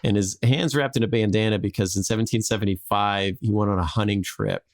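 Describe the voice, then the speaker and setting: A man's voice: on the low side, fairly quick. A man hosting a podcast, telling a history story casually with lots of "like" and jokey acted-out quotes.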